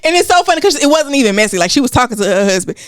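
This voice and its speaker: A woman with a mid-range voice, recorded close with a dry sound. She fires back blunt, funny remarks in a relaxed couch conversation and laughs often. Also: on the high side, rapid-fire, no room sound. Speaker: podcast co-host. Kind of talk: casual chat.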